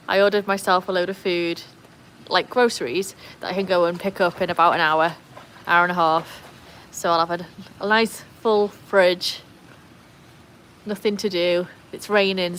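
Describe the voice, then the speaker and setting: A British woman hosting a casual livestream by her backyard pool, chatting and laughing often, cooing at her dogs in a high voice. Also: a bit bright, a little hiss or hum. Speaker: livestream host.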